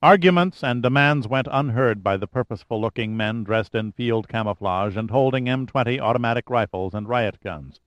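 Measured male audiobook narrator, dry sound. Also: medium pitch, no echo, lo-fi sound. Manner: measured, steady reading.

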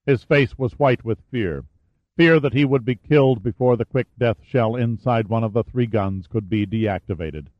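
A man reads a thriller aloud in a steady, dramatic narrating voice of middle pitch. The recording is dry, with no room sound. It is also slightly dull in the highs. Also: normal speed, dry recording. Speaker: audiobook narrator.

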